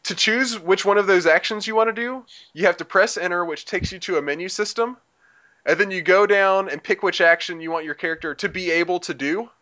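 A man's voice: sits high, brisk, bright, forceful tone. A man chatting casually on a podcast, explaining a video game at length in a rambling way with lots of fillers and restarts. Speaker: podcast co-host reviewing a game. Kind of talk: casual chat.

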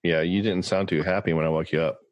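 Low-voiced casual male podcast host. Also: fairly even intonation, quick pace, no echo, muffled recording. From California. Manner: rambling, joking, many fillers.

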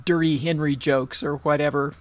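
A man's voice: on the high side, normal speed. A man in casual conversation, telling a rambling personal story and then a joke, with many fillers and restarts. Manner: rambling, animated joke-telling with acted quotes.

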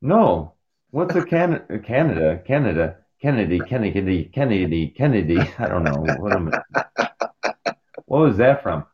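A man's voice: on the low side, unhurried, long pauses. A man co-hosting a podcast in casual chat, rambling from topic to topic and joking around. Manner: rambling, jokey, animated, meandering. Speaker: podcast co-host. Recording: dull lo-fi podcast audio.

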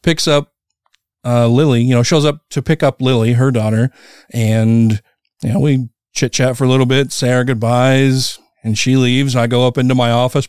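A man's voice: medium pitch, darkish tone, clean tone, dry recording, studio quality. A middle-aged man hosting a podcast, chatting casually with a laid-back, swearing manner and frequent laughs. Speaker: podcast host.

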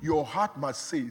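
A man's voice: fairly high pitch, gravelly, husky. Emphatic preacher man in a reverberant hall. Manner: emphatic, repeats words, swings from hushed to shouting. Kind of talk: sermon.

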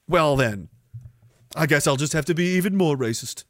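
A man hosting a livestreamed podcast, ranting casually with sarcasm, heavy swearing and bursts of loud laughter. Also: fairly high pitch, lively intonation, moderate pace, no room sound, studio quality. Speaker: podcast host.

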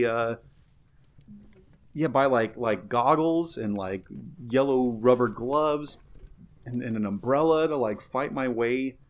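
A man co-hosting a podcast in casual chat, rambling with lots of fillers and getting animated. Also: medium pitch. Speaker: podcast co-host.

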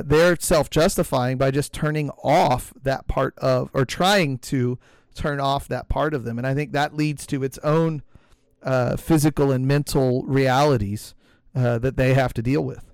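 A man hosting a casual religious podcast discussion, speaking in a measured way with frequent restarts and reading scripture aloud. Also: mid-range voice, darkish tone, dry recording. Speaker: podcast host.

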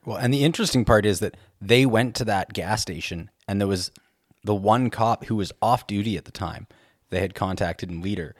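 A man's voice: lowish voice, moderate pace, dry recording, studio quality. A man hosting a podcast, asking short follow-up questions and adding details in casual chat. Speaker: podcast host.

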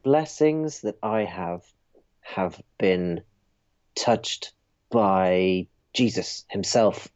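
A man's voice: low voice, animated, extremely slow, darkish tone, muffled recording, heavily acted. A man voicing a shifty medieval relic seller with a dodgy accent and wheedling sales patter. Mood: boastful.

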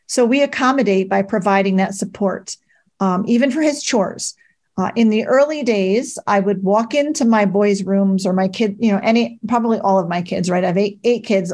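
A middle-aged woman talks plainly and practically, giving advice as a mother of eight. Her voice sits at an everyday middle pitch for a woman. She speaks directly, with casual fillers. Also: a little mellow. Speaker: parent advocate. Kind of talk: advice talk.

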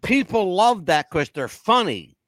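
Blunt, profane man with a lively voice. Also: sits high, unhurried, no room sound. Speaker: podcast host. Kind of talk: casual chat.

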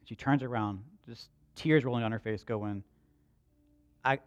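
A man preaching a sermon, telling a personal story in a hushed voice, then building to loud, slow, emphatic lines. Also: mid-range voice. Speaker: pastor.

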